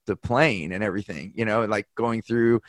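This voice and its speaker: A man's voice: fairly low pitch, brisk, dry recording. A man hosting a casual conversation, telling a long personal story in a candid, rambling way.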